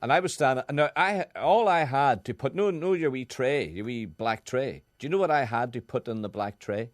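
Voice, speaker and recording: A man telling animated anecdotes in casual radio chat, with halting restarts. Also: medium pitch, dry recording, studio quality.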